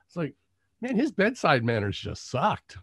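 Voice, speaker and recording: A man's voice: a little high, wildly swooping pitch, measured pace, fairly bright tone, husky, no echo, studio quality. A man hosting a conversational interview, affirming his guest and telling a short story of his own. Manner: affirming, storytelling, asks open questions. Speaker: interview host.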